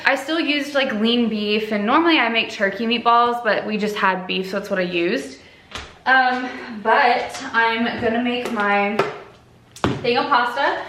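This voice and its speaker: A fairly high-pitched, sharp-toned woman's voice echoes around the room over slight background noise. She's in her twenties, chatting casually at home for a vlog about her routine, using "like" often and laughing between thoughts.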